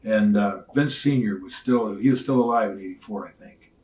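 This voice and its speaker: An older retired wrestler telling stories in an interview, acting out the voices of others with loud swings. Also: male voice, lowish voice, normal speed. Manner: animated storyteller, acts out quoted voices, loud swings. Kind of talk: shoot interview storytelling. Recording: roomy sound, mic at some distance.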